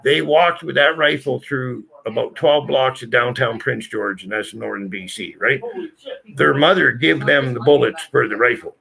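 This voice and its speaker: Gravelly, blunt, foul-mouthed man. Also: medium pitch, normal speed, bright, forceful tone. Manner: profane, blunt, emphatic. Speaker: channel host telling a story. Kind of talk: casual storytelling.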